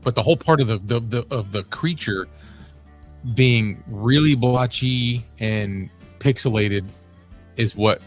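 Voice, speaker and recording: A man's voice: medium pitch, a little slow, faint music behind. A man co-hosting a podcast, chatting casually, laid-back and skeptical. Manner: laid-back, skeptical, short agreeing replies. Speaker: podcast co-host. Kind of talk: casual chat.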